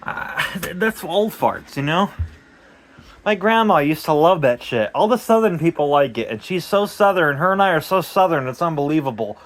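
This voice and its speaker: A man's voice: on the high side, expressive, normal speed. A young man rambling casually and crudely in a vlog, swearing often, talking outdoors in the cold. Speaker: DIY vlogger.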